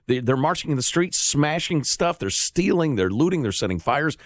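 A man's voice: fairly high pitch, sing-song, normal speed, no echo. A man co-hosting a talk radio show, speaking in a sardonic, emphatic way. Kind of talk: casual talk radio banter.

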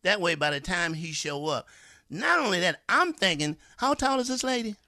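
A man's voice: sits high, sing-song, normal speed, bright, forceful tone, no echo, studio quality. A man co-hosting a radio show, joking in a drawling, casual way. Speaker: co-host. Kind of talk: comedic radio banter.

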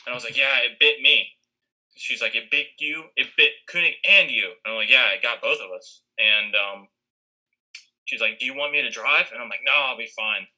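A man's voice: medium pitch, normal speed, bright, forceful tone, rough recording. A man casually telling a long story with lots of fillers and restarts. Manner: rambling, many fillers.

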